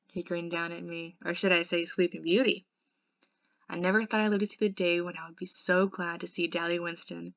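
A woman tutor reading a novel aloud in steady first-person narration. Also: on the low side, a little fast, dry recording, highs cut off.

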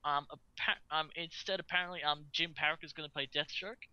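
A man's voice: on the high side, fairly even intonation, pushed and bright, clear, resonant tone, dry recording, dull audio. A man co-hosting a casual podcast, reading out the news with many ums and frequent laughs. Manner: halting, full of ums and uhs, laughs often.

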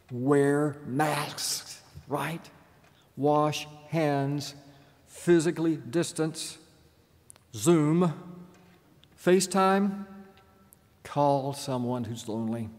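Older man lecturing with earnest emphasis; a voice a bit high for a man, with a lingering church echo. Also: a little mellow. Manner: earnest, slows down to stress key words. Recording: long reverb from church.

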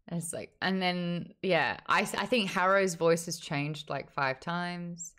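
A woman's voice: fairly low pitch, slow, few pauses. Chatty woman hosting a book stream. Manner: chatty, animated, reads chat messages aloud. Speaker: host. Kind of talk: casual livestream book chat.

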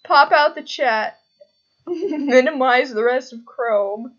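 A high-voiced woman talks very slowly through a casual live stream, giggling and goofing around as she drags out a silly catchphrase. The audio is dull and lo-fi. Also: fairly bright tone. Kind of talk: casual livestream chat.

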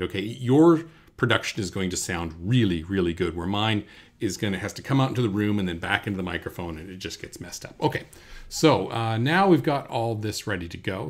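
A man with a gravelly, slightly low voice teaches a computer recording lesson. He talks through each step in a relaxed, unhurried way, with plenty of fillers. He speaks into a desk microphone in a room indoors. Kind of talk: screen-recorded software tutorial. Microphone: USB desk microphone.

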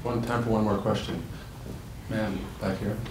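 A man's voice: fairly low pitch, steady tone, normal speed, recorded from a distance, background noise. Male moderator in echoey hall. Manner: brief, prompting questions. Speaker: interviewer and moderator. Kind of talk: moderating a public talk. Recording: echoey hall recording from afar.

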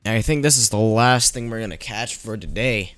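A man's voice: lowish voice, moderate pace, fairly bright tone, dry recording, soft background music. A man giving casual let's-play commentary, thinking aloud and teasing the game's characters as he plays. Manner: thinking aloud while playing. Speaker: gameplayer narrating his playthrough.

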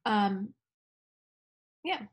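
A woman teacher explaining poetry to her students in a relaxed, chatty way, correcting herself as she goes. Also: medium pitch, extremely slow. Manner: chatty, self-correcting, laughs at own slips. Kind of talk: recorded classroom lesson.

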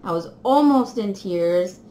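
A woman's voice: mid-range voice, a little slow. Giddy, giggly woman unboxing a gift. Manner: excitable and giggly, gushing. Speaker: crafting vlogger. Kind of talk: casual unboxing chat to viewers. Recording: echoey room with faint noise.

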